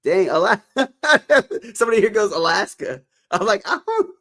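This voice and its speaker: A man's voice: sits high, animated, moderate pace, fairly bright tone. A man from Texas hosting a casual livestream, upbeat and repeating calls to tap the screen. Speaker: livestream host.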